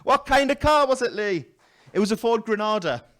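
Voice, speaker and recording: Man, stand-up comedian, high lively voice, loud storytelling, small venue, handheld mic. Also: moderate pace. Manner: lively, loud storytelling with put-on voices and self-mocking asides.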